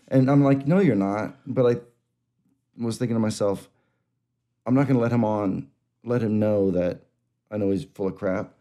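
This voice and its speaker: Mellow-voiced man telling a rambling story. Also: on the low side, normal speed. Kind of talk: casual storytelling chat.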